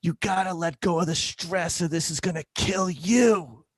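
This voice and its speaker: A woman's voice: fairly low pitch, moderate pace, slightly rough, dry recording, clean studio sound, voice pushed up. A man voicing a feisty woman in her eighties, a blunt former dancer and cancer patient. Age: 80s. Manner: blunt, brassy, teasing.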